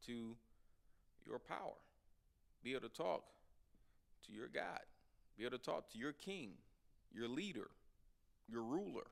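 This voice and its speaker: A man's voice: medium pitch, creaky. A man teaching an informal Bible class, conversational and emphatic, addressing the class directly.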